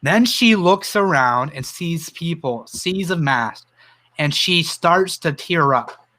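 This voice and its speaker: High-voiced impassioned Canadian man. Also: lively intonation, slow pace, bright, forceful tone. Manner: earnest, emotional, tells personal stories; reads viewer comments aloud. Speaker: livestream host. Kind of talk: impassioned livestream commentary.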